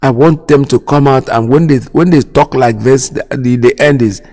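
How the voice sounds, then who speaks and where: A man's voice: mid-range voice, normal speed, hardly any pauses, darkish tone. A Nigerian man hosting a radio show, giving impassioned political commentary, indignant and repeating himself as he fires off rhetorical questions. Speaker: radio host. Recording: long hall reverb.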